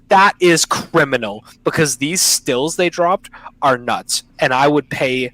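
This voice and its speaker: A man's voice: a little high, expressive, a little slow, a bit bright, no room sound, poor audio. A young man hosting a casual podcast chat over an online call, enthusiastic and slangy, often cutting himself off mid-sentence. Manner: enthusiastic, slangy, self-interrupting. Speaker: podcast host.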